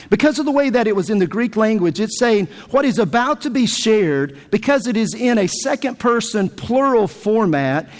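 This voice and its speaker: A man preaching a sermon as pastor, emphatic, with lively swings in pitch. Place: church sanctuary. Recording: long hall reverb.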